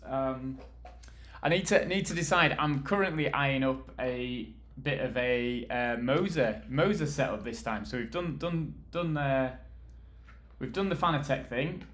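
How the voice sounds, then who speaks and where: A man's voice: mid-range voice, fairly bright tone. A British man from the UK chatting casually with viewers on a live stream, rambling and laughing easily while he assembles furniture and moves around. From United Kingdom.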